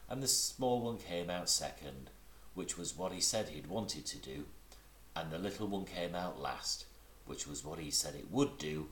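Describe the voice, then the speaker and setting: A deep-voiced man reads a children's storybook aloud with lots of rise and fall in his voice, now and then stumbling and correcting himself. The sound is roomy and echoey. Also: normal speed, a little hiss or hum. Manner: animated, with slips and corrections. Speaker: reader. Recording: roomy echo.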